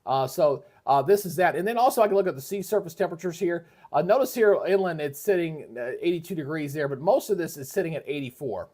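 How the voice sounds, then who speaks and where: A man's voice: a little high, lively intonation, quick pace, few pauses, a little mellow. A man hosting a live weather stream from his home setup, talking casually with lots of fillers and restarts. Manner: rambling, folksy, many fillers and restarts. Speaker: livestream weather host. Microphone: switches between microphones, moves away from them.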